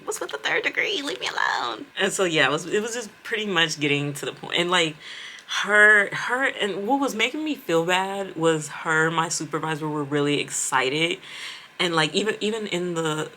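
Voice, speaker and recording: A young woman in casual storytime, animated and profane with laughing asides. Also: on the low side, normal speed, slight background noise. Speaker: storytime vlogger.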